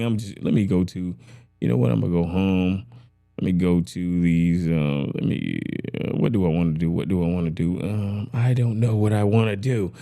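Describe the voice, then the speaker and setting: A man's voice: fairly low pitch, a little mellow. A man hosting a casual gear demo, chatty and rambling, talking into a broadcast mic and often asking if you follow him. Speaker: podcast gear reviewer host. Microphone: broadcast dynamic mic with headphones.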